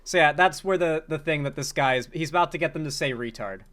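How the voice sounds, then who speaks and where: A man's voice: fairly high pitch, quick pace, a bit bright. A man reacting to comedy clips as a commentary host, talking bluntly and profanely with frequent incredulous outbursts.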